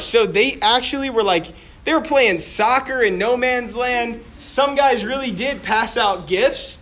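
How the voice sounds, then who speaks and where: High-voiced animated male teacher. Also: a little slow. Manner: animated, joking, acts out quotes. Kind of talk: classroom history lesson. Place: classroom.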